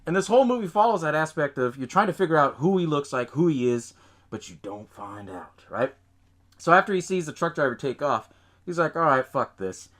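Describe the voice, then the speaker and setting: A man's voice: on the high side, very animated, brisk, fairly bright tone. A man hosting a podcast, recapping a film in loose casual chat, swearing often, laughing and acting out lines from scenes. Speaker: podcast host.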